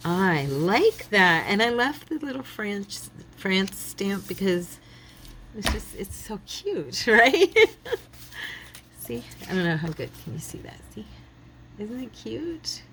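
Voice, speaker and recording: A woman's voice: medium pitch, very animated, measured pace, fairly bright tone, slight background noise. A middle-aged woman hosting a craft channel, chatting casually and thinking aloud as she works, often laughing. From United States.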